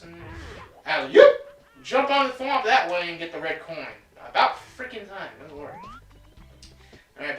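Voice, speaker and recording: Lively, bright-voiced let's play commentator. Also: medium pitch, roomy sound, recorded from a distance. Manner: chatty, joking, talks to self and viewers. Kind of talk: casual gameplay commentary. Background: game music.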